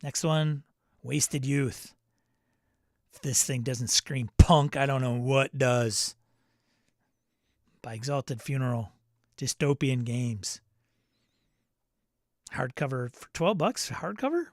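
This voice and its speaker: A man's voice: medium pitch, slow pace, pauses often, a little mellow, no room sound, clean studio sound. A man hosting a casual show, reading out product listings and riffing on them with asides and laughs. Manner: chatty, reads listings then riffs with laughs and asides. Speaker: podcast host. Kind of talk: casual solo news rundown.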